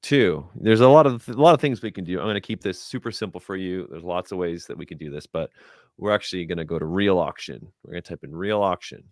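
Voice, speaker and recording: A man with a very low voice walks viewers through a casual tutorial, thinking aloud as he goes. His talk is chatty and unpolished. The sound is dry and close, with no room echo. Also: quick pace. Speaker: guest presenter doing a screen-share.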